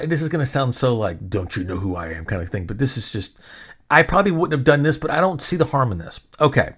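A man hosting a podcast, telling a long story in casual chat, rambling and indignant, swearing freely and restarting his sentences. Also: mid-range voice. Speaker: podcast host.

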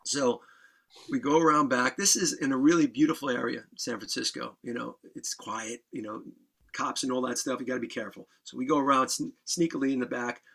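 A man guest on a podcast, telling a wild story in a casual, animated way, swearing and laughing as he goes. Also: mid-range voice, a little fast, gravelly, husky.

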